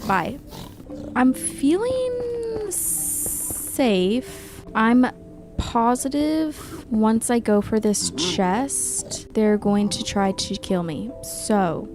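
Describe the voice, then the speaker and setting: A woman giving casual gameplay commentary, chatty and excitable, talking to the creatures in her game. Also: medium pitch. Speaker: Minecraft YouTuber.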